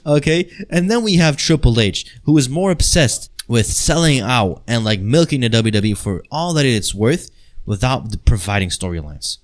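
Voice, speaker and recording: Exasperated man ranting fast. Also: medium pitch, expressive. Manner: exasperated, fast-talking, crude, jumping between loud outbursts and mutters. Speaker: wrestling commentary vlogger. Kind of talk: heated ranting vlog.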